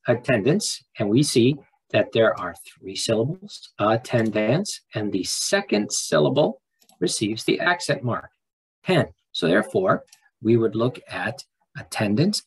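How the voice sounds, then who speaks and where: A man teacher talking students through a screen-recorded lesson in a relaxed, folksy way with frequent restarts. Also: mid-range voice, breathy edge, poor audio.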